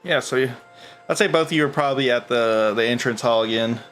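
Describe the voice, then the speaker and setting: A man's voice: mid-range voice, fairly quick, fairly bright tone, soft background music. A man narrating as game master of a tabletop game, rambling with lots of fillers and laughs.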